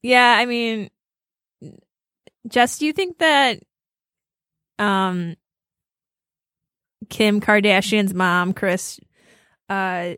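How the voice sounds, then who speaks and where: A woman chatting on a podcast, spinning gossip stories and breaking into giggles as she acts out what people said. Her voice sits at an ordinary pitch and sounds close and dry, with no room behind it. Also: very slow, long pauses, fairly bright tone, dry recording. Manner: giggly storyteller, acts out quotes. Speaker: podcast co-host. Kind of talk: casual chat.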